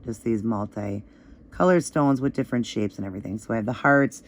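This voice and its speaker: A slightly hoarse woman giving a casual, chatty step-by-step nail art tutorial, with easygoing instructions and fillers. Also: a bass voice, brisk. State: slightly hoarse, voice still crackly.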